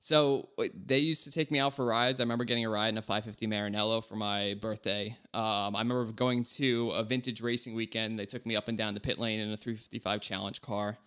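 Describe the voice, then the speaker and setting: A man in his thirties co-hosting a casual car podcast, telling stories in a relaxed, rambling way. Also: lowish voice, quick pace, few pauses, clear, resonant tone. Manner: relaxed, rambling, animated storytelling. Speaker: podcast co-host.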